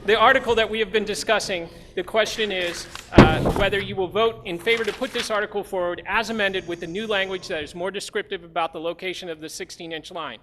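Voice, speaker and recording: High-voiced man chairing a town meeting. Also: fairly even intonation, brisk, hardly any pauses. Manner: procedural, reads warrant text aloud. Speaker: meeting moderator. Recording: long hall reverb, faint noise.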